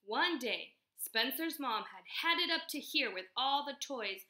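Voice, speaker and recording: A woman teacher with a high-pitched voice reads a storybook aloud to young children. She reads expressively and pauses to ask them questions.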